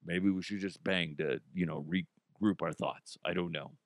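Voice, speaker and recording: A man's voice: low-pitched, fairly even intonation, normal speed, no room sound. Guy doing a crude rambly comedy podcast, laughs at his own jokes, dry room. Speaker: podcast host. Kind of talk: casual comedic commentary.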